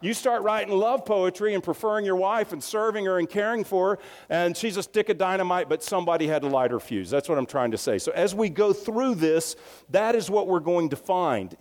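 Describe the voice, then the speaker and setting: A man's voice: on the high side, a little mellow. A man preaching a sermon in a loose, conversational way, often restarting phrases and breaking into asides. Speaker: pastor. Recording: long hall reverb.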